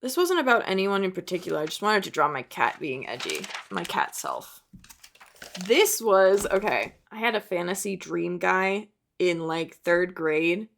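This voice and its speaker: A woman's voice: lowish voice, very animated, measured pace, gravelly, fairly bright tone, slight background noise. A young adult woman, an artist and video creator, talking in a chatty, rambling way with self-mocking asides. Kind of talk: casual chat.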